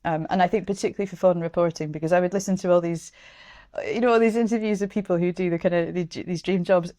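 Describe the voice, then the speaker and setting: A woman's voice: lowish voice, steady tone, fast, mellow, no echo, clean studio sound. A woman in her thirties from Scotland, a journalist talking frankly in a casual interview, swearing now and then and often restarting her sentences. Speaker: journalist and author guest.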